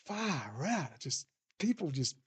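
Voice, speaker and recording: An Australian man with a rather high voice holds forth in a rambling rant, swearing freely and dripping with sarcasm. He sounds exasperated and scornful as he runs down his targets. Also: big pitch swings, takes it slowly, slightly rough. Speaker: political commentator. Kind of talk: ranting monologue. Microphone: desk setup with bookshelf behind.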